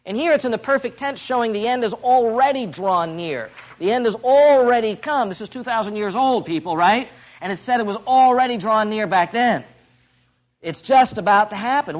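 Emphatic high-voiced male preacher, lo-fi. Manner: emphatic, builds up key phrases slowly for stress. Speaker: pastor. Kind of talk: expository sermon.

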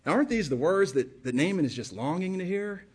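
A man's voice: high-pitched, expressive, a little fast, a little mellow, breathy edge. A male pastor preaching a sermon with passion, firing rhetorical questions and repeating phrases for emphasis.

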